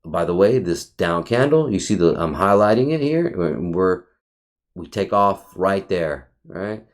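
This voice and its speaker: A lower-pitched man talks through a trading chart in a loose, excitable way. He swears freely, calls the viewer bro and buddy, and stumbles over repeated words as he goes. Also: unhurried. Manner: repeats himself and restarts often. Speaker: trading educator reviewing his chart. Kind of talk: casual screen-share chart review.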